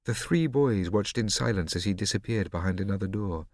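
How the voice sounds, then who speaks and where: Low-voiced male audiobook narrator. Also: no echo, studio quality. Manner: measured, expressive storytelling. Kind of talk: scripted narration.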